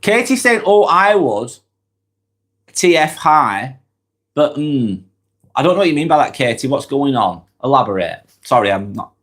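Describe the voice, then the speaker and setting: A Lancashire man from northwest England hosts a live-stream vlog while fighting off a cold. Reading out viewer comments and replying in a chatty, direct manner, his pitch swings up and down a great deal. He sounds very animated and fairly bright, keeping to a measured pace.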